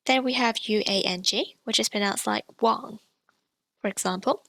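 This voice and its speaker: A woman teaching pronunciation, explaining sounds clearly and repeating each example slowly. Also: on the high side, a bit bright, no room sound. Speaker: language teacher.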